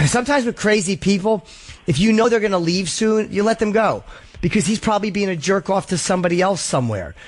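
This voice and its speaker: A man hosting a call-in show, talking quickly in a slightly high voice. He gives callers blunt, profane and reassuring advice. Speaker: podcast host taking calls.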